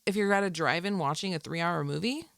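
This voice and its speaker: A woman's voice: lowish voice, fast talker, gravelly, fairly bright tone, dry recording, clean studio sound. A woman co-hosting a podcast in casual chat, laid-back and asking curious questions. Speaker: podcast co-host.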